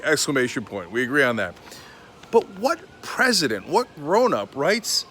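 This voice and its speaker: A man's voice: a little high, very animated, normal speed, fairly bright tone, slight background noise. A man hosting a political commentary show, ranting in a heated, exasperated and sarcastic way.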